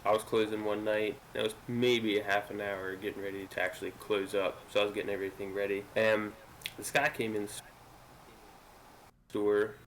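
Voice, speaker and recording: A laid-back young man co-hosting a podcast, recounting a story with halting pauses between phrases. His voice sits fairly low and stays very flat and even. A faint hiss of noise runs underneath. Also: low-quality recording. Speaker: podcast co-host. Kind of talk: casual storytelling.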